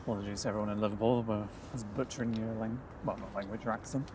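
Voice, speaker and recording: A man's voice: on the low side, steady tone, racing, recorded from a distance, background noise. A man co-hosting a casual live plane spotting stream outdoors, chatting and reading out flight details. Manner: chatty, self-deprecating, reads flight details. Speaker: plane spotting livestream co-host. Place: outdoors at an airport, walking through mud.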